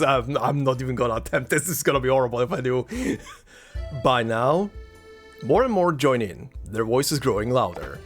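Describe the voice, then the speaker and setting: A man's voice: mid-range voice, lively intonation, moderate pace, soft background music. A man hosting a let's play, reading game text aloud and reacting with amusement. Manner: amused, laughs at the game often.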